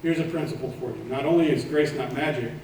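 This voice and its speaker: Animated man speaking in an echoey hall. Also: medium pitch, fast talker, distant mic, a little hiss or hum. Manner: animated, joking, quizzes the audience. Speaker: keynote speaker. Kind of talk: lively conference keynote talk. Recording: echoey hall, mic set back.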